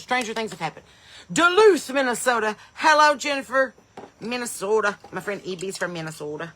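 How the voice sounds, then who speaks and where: A woman hosts a live stream in an easy, chatty way. Her voice is bright and forward, and she calls out viewers' places with eager, loud bursts before talking on casually. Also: a little high, lively intonation, a little fast, a little hiss or hum. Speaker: comedian and podcast host.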